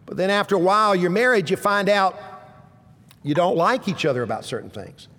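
A male pastor preaching a sermon, telling stories with dramatic pauses and dropping low and quiet for punchlines. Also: expressive. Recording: long reverb of a large hall.

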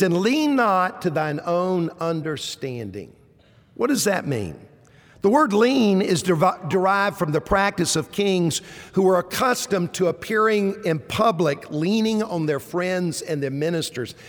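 A man's voice: sits high, normal speed, big-room sound. A man preaching a sermon to a congregation, asking rhetorical questions and rising into emphatic repeated words. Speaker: pastor.

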